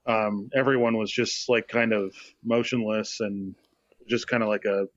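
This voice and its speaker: A man co-hosting a podcast, chatting casually and slowly, thinking aloud with many fillers. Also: on the low side, steady tone, no echo, highs cut off. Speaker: podcast co-host. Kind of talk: casual chat.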